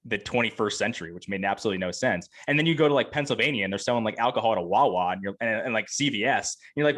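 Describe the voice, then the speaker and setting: A man from the American Northeast co-hosts a podcast in casual chat. He talks quickly and with emphasis and keeps joking, in a lowish voice. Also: a bit bright. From Connecticut, Northeast US. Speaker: podcast co-host.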